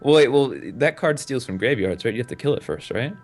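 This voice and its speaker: A man's voice: medium pitch, lively intonation, a little fast, soft background music. A young man chatting and joking casually during a card game, laughing easily. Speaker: player.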